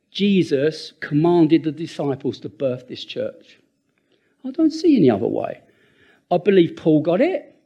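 High, lively older male preacher. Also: muffled recording. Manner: animated and earnest, with laughing asides and repeated words. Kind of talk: sermon.

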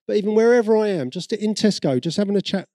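A man's voice: high-pitched, lively intonation, quick pace, warm tone, no echo. A man with a British accent giving a sermon, telling everyday stories in a conversational way and acting out the people he quotes. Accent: British English. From Britain. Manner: conversational storytelling, acts out quoted voices. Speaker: preacher.

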